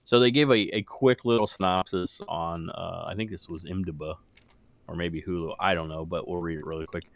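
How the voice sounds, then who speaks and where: Low-voiced guy rambling and cussing on a podcast, laughs a lot, dry mic. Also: moderate pace, creaky, dry recording. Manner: rambling, swears casually, laughs often. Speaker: podcast co-host. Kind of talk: casual chat.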